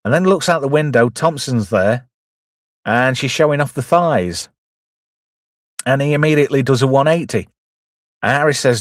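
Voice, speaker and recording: A man's voice: mid-range voice, animated, normal speed, long pauses, no echo, clean studio sound. A middle-aged man, giving jokey, casual commentary on a film and reading out chat messages. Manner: chatty, jokey, quotes characters in put-on voices. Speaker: host.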